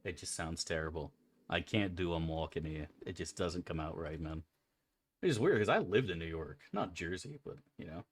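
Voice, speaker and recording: A man's voice: sits low, animated, moderate pace. A man streaming a video game, chatting casually in a rambling, joking, profane way into a desk microphone. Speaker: gaming streamer. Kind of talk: casual gameplay chat.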